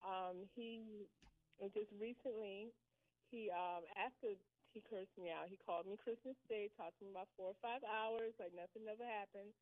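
A middle-aged woman calls in by phone, speaking hesitantly with frequent pauses and restarts. Her voice comes through a tinny, narrow phone line, dry and without echo. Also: mid-range voice. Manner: hesitant, full of ums and restarts. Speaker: caller. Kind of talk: phone-in conversation. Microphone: telephone.

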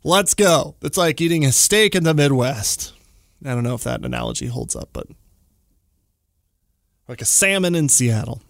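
A man hosts a casual solo podcast, his fairly high voice swooping up and down as he rants. The sound is close and dry, with no room around it. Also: moderate pace, gravelly, long pauses, no echo. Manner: animated, exaggerated jumps in pitch when ranting. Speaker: podcast host.

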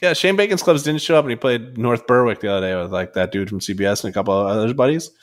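A man's voice: mid-range voice, rapid-fire. A young man co-hosting a podcast, casual, joking and swearing freely. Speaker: podcast co-host. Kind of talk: casual chat.

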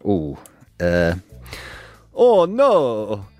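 A man voicing a fussy Italian man listing his injuries after a car crash, halting with many hesitations. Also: lowish voice, wildly swooping pitch, a little mellow, faint music behind, pitched below the performer's own voice, exaggerated voice. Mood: pained.

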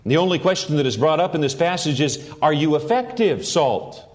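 A man's voice: on the high side, expressive, fairly quick. A middle-aged man, a pastor, preaching a sermon with earnest emphasis that rises on key phrases.

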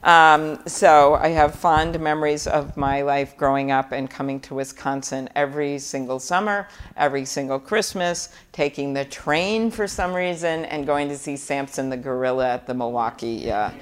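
A woman's voice: low-pitched, normal speed, few pauses, clean tone. A middle-aged woman from Minnesota, a senator, giving a chatty live speech full of anecdotes and fillers. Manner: chatty storytelling with many fillers. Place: event hall before a live audience.

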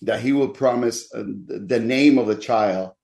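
A pastor tells his own story in an interview. His medium-pitched voice is earnest, and he often pauses with fillers as he speaks. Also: gravelly, darkish tone. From Dominican Republic. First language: Spanish. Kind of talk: interview guest telling his life story.

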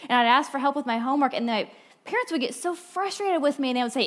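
A woman giving a sermon, telling personal stories in an animated way, swinging from bright and loud to hushed and low. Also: fast. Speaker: speaker at a church talk.

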